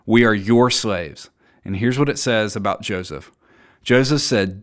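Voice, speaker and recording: Earnest low-voiced man preaching. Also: a little slow. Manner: earnest, emphatic, drops low and soft on key points; reads scripture aloud and acts out quoted voices. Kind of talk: sermon.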